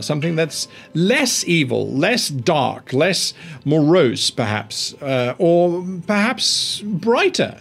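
A man on a screen-recording voice-over explains tabletop game mastering, thinking aloud and often restarting sentences. His voice is fairly high and swoops widely in pitch. Faint music runs in the background. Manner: animated, rambling, thinks aloud with many restarts. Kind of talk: tabletop roleplaying tutorial.

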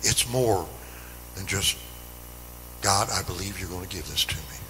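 A man's voice: low voice, measured pace, pushed and bright, in a large hall, slight background noise, low-quality recording. A man teaching a Bible lesson in an earnest, repetitive style that builds emphasis. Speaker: Sunday school teacher. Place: church.

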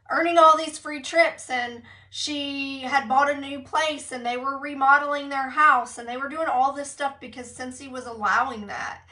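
Brief: young woman, high bright voice, heartfelt storytelling, a little distant from the phone mic. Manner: earnest, heartfelt, many fillers. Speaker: direct sales consultant sharing her story. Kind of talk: casual personal story on a live team training. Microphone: phone live video call.

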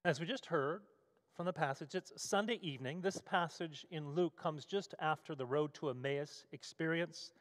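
A man's voice: a little high, moderate pace. A male pastor delivering a sermon with vivid, storytelling scene-setting. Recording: long hall reverb.

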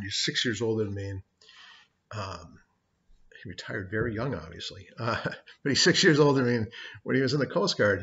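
Recorded through a webcam, a middle-aged man teaches law in a conversational lecture, drawing on his own stories to illustrate points. His voice sits on the low side with a fairly bright tone, though the recording is muffled.

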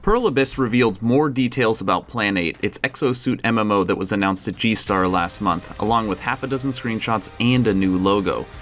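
A man hosting a gaming channel, reading news points aloud in a measured, list-like way. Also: fairly low pitch, fairly bright tone.

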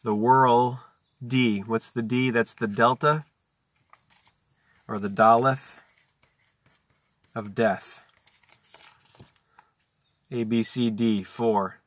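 A man hosting a video who reads a book aloud, breaking off for slow, deliberate wordplay and chant-like lists. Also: mid-range voice, steady tone, dry recording. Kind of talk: reading aloud mixed with free-associating musings.

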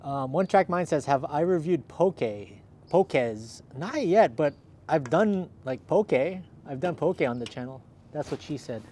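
A man's voice: fairly high pitch, animated, a little slow, warm tone. A chatty man from Southern California hosts a casual livestream outdoors, upbeat and thanking viewers one by one. He is slightly out of breath. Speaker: livestream host. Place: outdoors in cold weather.

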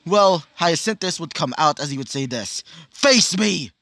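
Brief: man, fairly high voice, casual rambling storyteller, dry close sound. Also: animated, normal speed, fairly bright tone, dry recording. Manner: rambling and casual, many fillers and self-corrections. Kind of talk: improvised fan-fiction narration.

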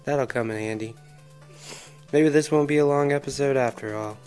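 A man's voice: medium pitch, normal speed, a little mellow, faint music behind. A man commenting on his own video game play, swearing heavily and ranting in frustration. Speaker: gaming commentator. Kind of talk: angry let's-play commentary.

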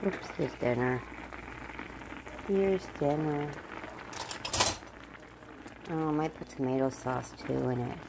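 Low-pitched lady rambling on while she walks her dog, noisy phone audio. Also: steady tone, brisk, vocal fry, hardly any pauses. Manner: rambling, repetitive, talks to her dog in a high coaxing voice. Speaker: vlogger. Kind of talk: casual chat while walking a dog and cooking.

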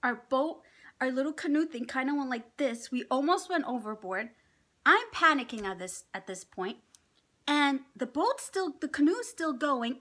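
A middle-aged woman vlogger telling a story in casual chat, animated and laughing often as she acts out what people said. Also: sits high. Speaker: mukbang vlogger.

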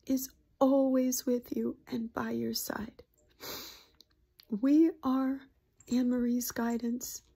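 A woman voicing a gentle, somber channeled spirit collective in a whispered role-play, speaking in a slow, solemn, loving way. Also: a little high, breathy edge, heavily acted.

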